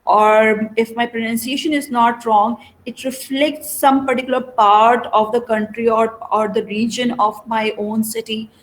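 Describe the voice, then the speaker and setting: A woman's voice: fairly high pitch, steady tone, measured pace, few pauses, rough recording. A woman teacher giving a classroom lecture, explaining step by step and asking her students rhetorical questions.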